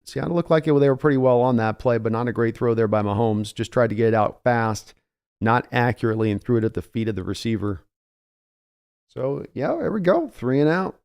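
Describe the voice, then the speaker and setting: Smooth-voiced man calling plays live. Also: lively intonation, a little fast, a little mellow. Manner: conversational, climbs in pitch and energy on big plays. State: early morning voice. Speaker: live reaction host. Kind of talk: fan play-by-play commentary.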